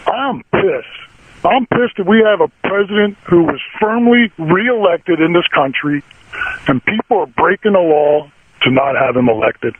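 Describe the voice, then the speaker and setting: A man's voice: high-pitched, expressive, measured pace, slightly rough. A man in his sixties calling in to a talk radio show, indignant and blunt, firing off short repeated questions. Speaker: caller. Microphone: telephone. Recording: tinny phone line.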